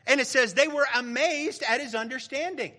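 Man, middle-aged, pastor, sermon, very high pitch, conversational, joking. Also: moderate pace, bright, forceful tone.

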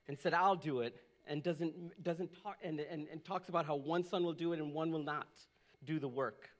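A middle-aged man, a pastor, preaching a sermon, animated and swinging from loud bursts to hushed lows.

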